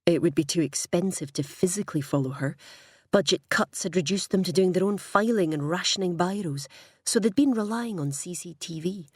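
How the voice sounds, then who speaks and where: A woman reading a crime novel aloud in measured, wry scripted narration. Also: lowish voice, a little mellow, breathy edge, dry recording, clean studio sound. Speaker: audiobook narrator.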